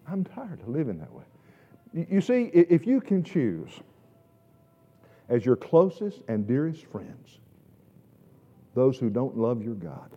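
A man preaching a sermon in a church sanctuary, emphatic, swinging between loud stressed words and quiet asides and repeating words as he restarts. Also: medium pitch. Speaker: pastor. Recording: echoey hall, dull lo-fi sound.

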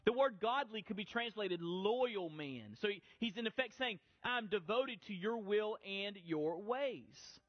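A man's voice: high-pitched, expressive, a little slow, few pauses, dry recording, dull audio. A middle-aged male pastor preaching a sermon in a conversational, easygoing way, often restarting his phrases.

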